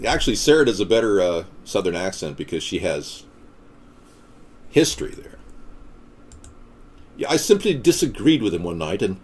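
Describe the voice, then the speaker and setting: A man's voice: fairly low pitch, sing-song, moderate pace, pauses often, husky. A man hosting a casual live stream as a political candidate, rambling off the cuff with jokes and reading viewer comments aloud.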